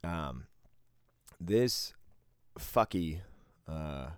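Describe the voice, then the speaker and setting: A man co-hosting a podcast, telling a work story in a casual, profane, animated way. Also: rumbling low, drawn-out words, clear, resonant tone, no room sound, studio quality. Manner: profane, animated storyteller who often acts out quotes.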